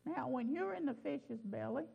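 A man's voice: very high-pitched, lively intonation, moderate pace, gravelly, breathy edge. A man preaching a sermon, reading scripture emphatically and commenting in a folksy way. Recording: muffled lo-fi recording.

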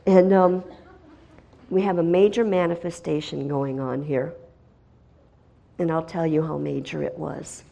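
A woman's voice: deep voice, a little slow, vocal fry, long pauses. Middle-aged woman telling a dramatic testimony. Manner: dramatic storytelling, swinging from hushed to loud and excited. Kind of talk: spoken testimony.

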